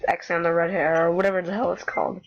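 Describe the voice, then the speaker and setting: A woman's voice: on the low side, little pitch movement, fast talker, vocal fry, dull audio. A sick, congested teenage girl chatting casually while playing a dating game, self-mocking and chatty. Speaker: gamer.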